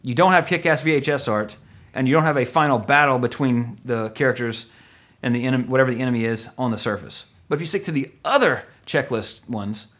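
Male podcast host, casual, rambling, joking, mid pitch. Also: brisk, fairly bright tone. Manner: rambling, joking, self-correcting.

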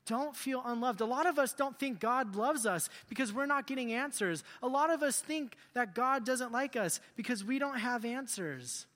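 A male youth pastor preaching a sermon in an animated, joking way, asking the group questions. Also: extremely high pitch, normal speed, hardly any pauses, big-room sound. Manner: animated, jokey, asks the crowd questions.

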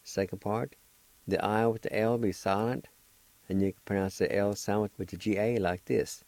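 A man's voice: lowish voice, fairly even intonation, normal speed, darkish tone, dry recording, rough recording. A man hosting a radio language lesson, spelling out words letter by letter and repeating each syllable patiently. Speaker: language teacher and radio host.

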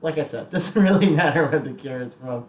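A man co-hosting a casual music podcast, laid-back and quick to laugh, with hesitant trailing phrasing. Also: fairly high pitch, echoey room. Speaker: podcast co-host. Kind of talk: casual chat about music.

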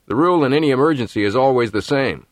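A man narrating an audiobook in a measured, steady storytelling manner. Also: medium pitch, no room sound. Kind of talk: scripted narration.

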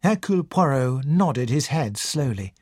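A narrator reading a story aloud in a clear, scripted way. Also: mid-range voice, lively intonation, a little slow, a little mellow, no room sound, studio quality. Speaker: audiobook narrator.

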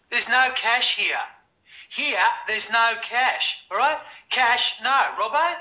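An actor playing a panicky Australian bar owner who pleads in a flustered way in a film scene. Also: male voice, very high voice, slow pace, long pauses, sharp tone, heavily acted. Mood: pleading. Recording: echoey film audio.

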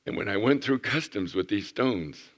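A man preaching, a pastor telling a lively story to children in church and asking them questions. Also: on the low side, normal speed. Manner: animated storyteller, asks the kids questions.

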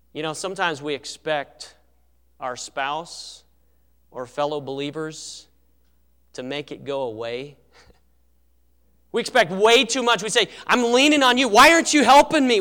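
A man preaching a sermon as pastor, earnest, swinging from loud emphasis to quiet asides. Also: fairly high pitch, clean tone. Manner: earnest, rises and drops in volume for emphasis. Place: church sanctuary. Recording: church sermon with long hall reverb.

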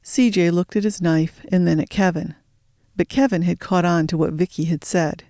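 A narrator reading a thriller audiobook in a steady storytelling voice, slowing for suspense. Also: medium pitch, dry recording, studio quality.

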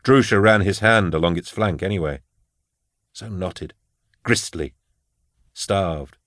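A man narrating an audiobook in a measured, even way, recorded on a close studio mic. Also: sits low, no room sound. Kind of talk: scripted narration.

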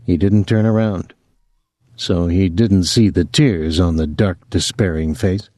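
A man narrating a novel as an audiobook reader, in a measured, steady way. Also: low voice, no room sound, studio quality. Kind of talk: scripted narration.

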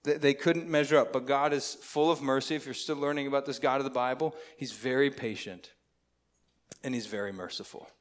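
A man's voice: mid-range voice, fairly even intonation, a little fast. A man preaching a sermon in a conversational way, often asking the congregation questions. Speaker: pastor.

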